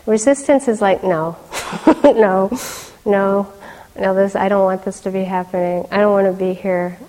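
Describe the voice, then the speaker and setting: A middle-aged woman teaching meditation in a dharma talk, conversational, with soft laughs and fillers. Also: mid-range voice. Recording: long hall reverb.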